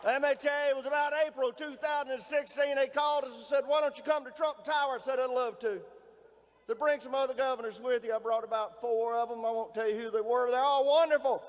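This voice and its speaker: A middle-aged man with a Southern Mississippi accent, giving a folksy, rousing political rally speech as a governor and often shouting to the crowd. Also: very high voice, steady tone, fast. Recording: reverberant hall, faint noise.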